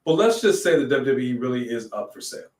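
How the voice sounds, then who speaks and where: A man co-hosting a casual wrestling chat, animated, riffing and joking. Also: mid-range voice, fast, distant mic, faint music behind. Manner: animated, sings jokingly, reads in a newscaster voice. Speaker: podcast co-host. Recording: echoey room, off-mic.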